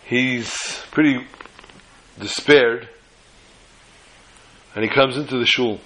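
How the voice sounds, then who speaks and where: A man telling a story aloud, acting out the characters' lines with a raised, excited voice. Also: medium pitch, slow pace, poor audio. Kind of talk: animated oral storytelling.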